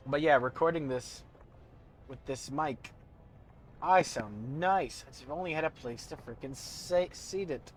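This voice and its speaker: His fairly high-pitched voice moves at a normal speed as this young man streams a video game. He rambles through gear stats and jokes about his own voice to chat in casual gameplay commentary, using a studio desk mic.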